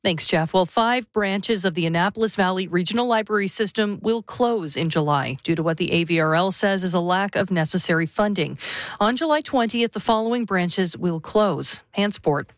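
A woman reading the radio news headlines in a clear, steady delivery. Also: medium pitch, normal speed, dry recording. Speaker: newsreader.

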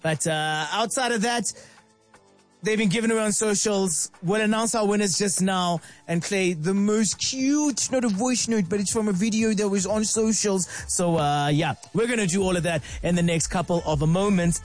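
High-voiced, chatty South African radio host. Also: male voice, moderate pace, faint music behind. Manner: lively and chatty, swings into playful high-pitched bits. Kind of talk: upbeat radio presenting. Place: radio studio.

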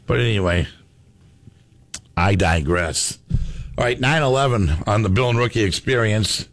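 A man's voice: lowish voice, moderate pace, no echo. Man hosting sports radio, dry studio sound. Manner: chatty, reads listener messages aloud. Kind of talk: casual sports radio banter.

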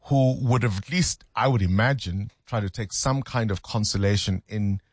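A man hosting a casual radio chat, easygoing and quick to laugh. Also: lowish voice, breathy edge, no room sound, studio quality. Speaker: radio host.

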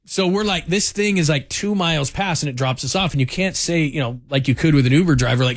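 A man's voice: mid-range voice, fast, no room sound, clean studio sound. A man hosting a sports talk radio show, telling stories in a chatty way with lots of fillers. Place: radio studio. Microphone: studio microphone.

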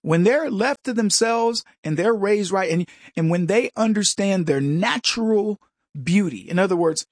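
Man, show host, husky voice, dry close sound, rambling opinionated commentary. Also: sits high, animated, normal speed, no echo. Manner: rambling, mimics other voices in anecdotes.

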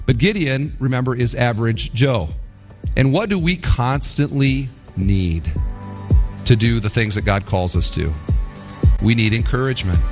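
A man preaching a sermon with animated storytelling, paraphrasing biblical figures in his own voice. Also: mid-range voice, a little slow, in a large hall, music in the background. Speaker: pastor.

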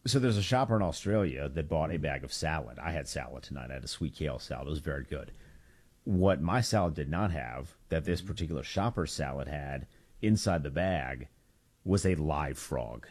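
A man co-hosting a casual chat, telling a story in a dry, rambling way with quiet asides. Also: a bass voice, lively intonation, moderate pace, slightly rough. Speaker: podcast co-host.

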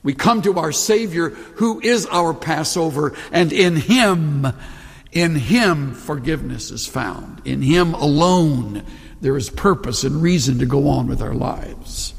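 Male pastor, higher register, husky edge, earnest sermon delivery, reverberant sound. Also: lively intonation, measured pace. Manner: earnest preaching with emphatic quoted scripture.

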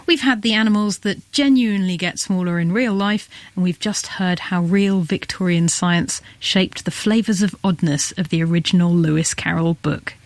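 Woman host of a radio science show, clear and measured, dry close mic. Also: fairly low pitch, no echo. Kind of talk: broadcast presenting.

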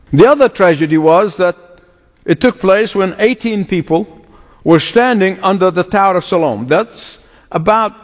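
A man preaching a sermon, stressing his points with dramatic slow passages and sudden outbursts, chuckling now and then between points. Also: high-pitched, long reverb tail. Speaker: pastor.

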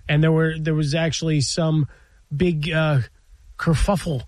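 A man's voice: a little high, steady tone, measured pace, a little mellow, no room sound. A man co-hosting a sports radio show from a studio, talking in a wordy, analytical way with dry wit. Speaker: radio sports talk co-host. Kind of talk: casual studio banter. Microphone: studio mic.

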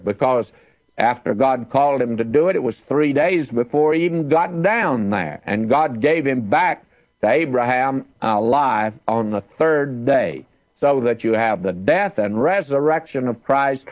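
Guy doing slow bible teaching, reads verses with weight, dull lo-fi sound. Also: mid-range voice, expressive, no room sound. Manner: slow, reads scripture aloud with emphasis.

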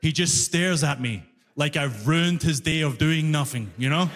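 Young man, stand-up comedian, high voice, animated storytelling, hall reverb. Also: moderate pace, soft background music. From immigrant living in Toronto. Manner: animated storytelling, acts out quoted voices, laughs often. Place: comedy venue with audience. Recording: live hall reverb, faint ambience.

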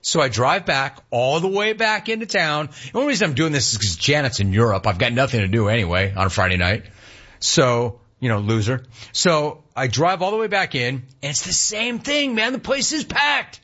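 A man tells a story in a casual way with a husky, slightly rough voice. His pitch swings a lot as he acts out what each person said. The sound is a little dull and lo-fi. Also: moderate pace. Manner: animated, acts out the other voices with sharp pitch jumps.

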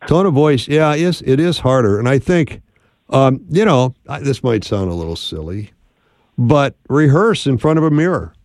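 Upbeat radio host, dry studio sound. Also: male voice, mid-range voice, animated, moderate pace, a little mellow, no echo. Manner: upbeat, encouraging, conversational. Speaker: radio call-in show host. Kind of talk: call-in radio advice.

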